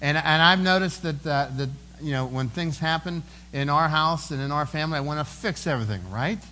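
A man preaching with a slightly raised pitch, talking to the congregation in an earnest, conversational way. He often doubles back on his words and repeats them. A faint hum sits under the recording. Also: a little fast, pushed and bright, low-quality recording. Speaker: pastor. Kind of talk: sermon.

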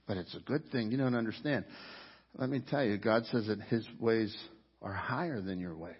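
A man preaching a sermon with great passion, rising to loud cries as he voices people's complaints to God. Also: mid-range voice, slightly rough. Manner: impassioned preaching, rising to near shouts when voicing complaints to God. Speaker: pastor. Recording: dull sound with long hall reverb.

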